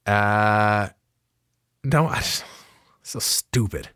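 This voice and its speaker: Male storyteller, casual comic monologue, profane and rambling, mid-pitched, dry close sound. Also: animated, unhurried, pauses often, fairly bright tone, smooth, no room sound. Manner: profane, rambling, self-mocking.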